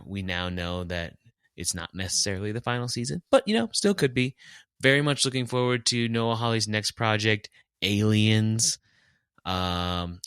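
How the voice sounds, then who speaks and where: A man's voice: lowish voice, a bit bright, clean tone, no echo, studio quality. A man co-hosting a podcast, chatting casually and enthusiastically in a rambling way. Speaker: podcast co-host.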